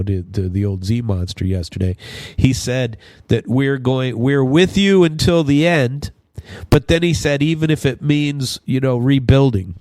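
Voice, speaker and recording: A man's voice: fairly low pitch, warm tone, dry recording, studio quality. A man hosting his own radio show, rambling through news commentary with many fillers and restarts. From Minnesota. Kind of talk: casual news commentary monologue.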